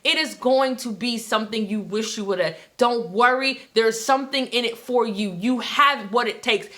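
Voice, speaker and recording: A woman with a bright, pressing voice preaches a motivational sermon. She builds through repetition and call-and-response, her pitch sitting a little high. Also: normal speed. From United States. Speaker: self-styled love evangelist.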